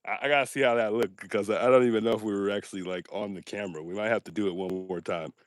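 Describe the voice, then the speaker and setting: A man with a fairly low voice chats casually on a phone livestream from outdoors at night. He jokes around and makes fun of himself while speaking straight to his viewers. The sound is dry and close, with little room echo. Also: fairly even intonation, racing. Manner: joking, self-mocking, talks straight to his chat. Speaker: livestream host.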